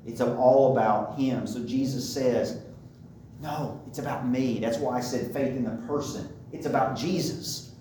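A man's voice: medium pitch, fairly even intonation, moderate pace, dark tone, a little hiss or hum. A man preaching a sermon, emphatic and driving his points home by repeating them. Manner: emphatic, repeats key phrases. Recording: very echoey room, mic far off.

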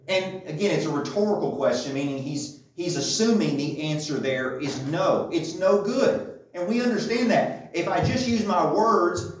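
A man's voice: sits high, normal speed, slight background noise. A man teaching a sermon in a conversational style, often checking in with the congregation, recorded from a distance in a very echoey church room. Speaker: preacher.

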